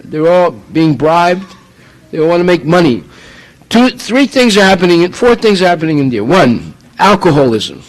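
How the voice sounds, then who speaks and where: A man's voice: high-pitched, big pitch swings, moderate pace, rough recording. A man from the United States preaching a sermon, emphatic and full of rhetorical questions.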